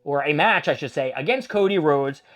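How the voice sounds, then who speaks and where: A man's voice: a little high, expressive, moderate pace, fairly bright tone. A man hosting a casual wrestling recap, rambling and opinionated with plenty of swearing. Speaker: host.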